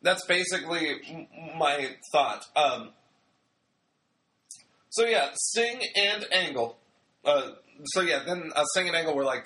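Young male reviewer, bright slightly high voice, rambling jokey recap delivery. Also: expressive, measured pace, long pauses. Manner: chatty, rambling, joking, acts out quotes. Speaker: wrestling show reviewer. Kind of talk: casual recap commentary.

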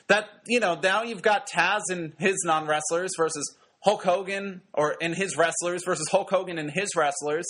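A man's voice: fairly high pitch, a bit bright, husky. A man giving casual, wry commentary on a wrestling show, talking loosely with lots of fillers. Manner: chatty, wry, many fillers.

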